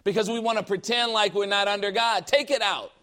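A man preaching a sermon in a forceful, emphatic way, firing rhetorical questions and mocking the objections of skeptics. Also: high voice, steady tone, fairly quick.

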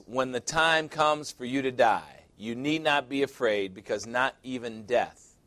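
A man preaching a sermon, stressing key words and often dropping low and quiet at the end of a point. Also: no room sound. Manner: emphatic, repeating phrases for stress.

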